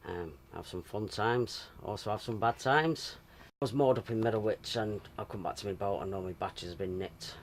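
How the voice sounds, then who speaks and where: Deep-voiced man in his forties. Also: a little hiss or hum. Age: 40s. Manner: plain, unhurried talk with ums. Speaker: canal boat owner. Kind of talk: casual interview.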